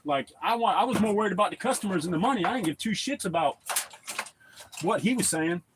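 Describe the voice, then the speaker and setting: A man's voice: high-pitched, animated, fast talker, background noise. A man live-streaming, telling blunt, profane stories in a casual chat to his viewers.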